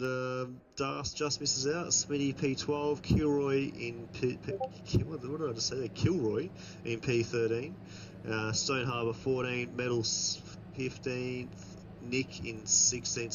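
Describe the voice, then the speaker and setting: A man's voice: medium pitch, fairly even intonation, measured pace. Man, co-commentator, casual, dull lo-fi sound, background noise. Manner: casual, reads results, self-correcting. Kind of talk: sim racing commentary.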